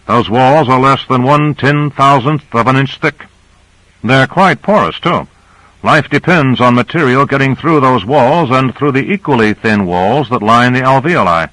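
A man's voice: mid-range voice, measured pace, fairly bright tone, no room sound, voice pushed up, natural voice, low-quality recording. A man reading a novel aloud, voicing a devout male surgeon who lectures earnestly.

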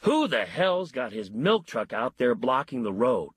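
A man voicing a gruff state trooper who blusters, then goes lazy and friendly. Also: mid-range voice, sing-song, a little slow, no room sound, clean studio sound, full character voice.

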